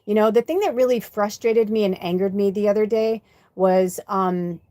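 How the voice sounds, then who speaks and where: A woman's voice: medium pitch, animated, a little fast, dark tone, no echo. A middle-aged American woman hosting a spiritual livestream, ranting bluntly with heavy swearing in a casual monologue. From United States. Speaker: spiritual channel host.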